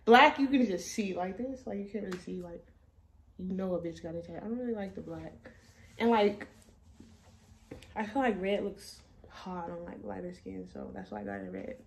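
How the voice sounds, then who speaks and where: Young woman, mid-pitched, casual storytime vlogger who curses freely and laughs a lot. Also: normal speed, a little hiss or hum. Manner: profane, loose and laughing.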